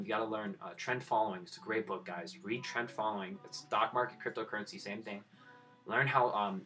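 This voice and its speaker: A man's voice: lowish voice, pushed and bright. A man in his twenties giving blunt, profane live-stream commentary on his crypto trades and lecturing his viewers. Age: 20s.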